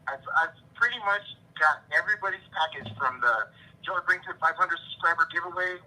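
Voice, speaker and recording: A man chatting as a guest on a collecting show, upbeat and quick to give shout-outs. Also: on the high side, low-quality recording. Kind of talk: casual chat.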